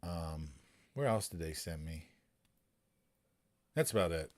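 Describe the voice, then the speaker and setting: A man's voice: low-pitched, lively intonation, takes it slowly, a little mellow. A man, a poker streamer telling long rambling stories in casual, profane chat.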